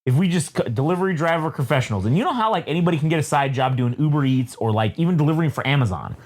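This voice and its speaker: A man's voice: fairly high pitch, lively intonation, very fast. A man co-hosting a podcast, telling a rambling, profane comic story and acting out the people in it. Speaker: podcast co-host. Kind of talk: casual comedic chat.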